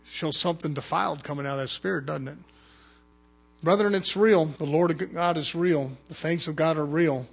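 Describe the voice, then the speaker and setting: A man preaching a fervent sermon as pastor, swinging between loud urgent calls and hushed low asides. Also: moderate pace, gravelly, slightly rough.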